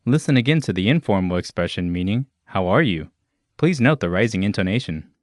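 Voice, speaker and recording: A man narrating a scripted language lesson in a clear, measured way. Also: fairly low pitch, expressive, no room sound, studio quality. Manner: clear, measured instructional delivery.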